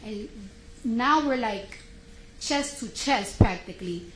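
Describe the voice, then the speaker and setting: A woman's voice: a little high, lively intonation, slow pace. A woman giving courtroom testimony from the witness stand, retelling a heated argument in casual slang and acting out both voices. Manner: casual slang-heavy speech. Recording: echoey courtroom audio, faint hiss.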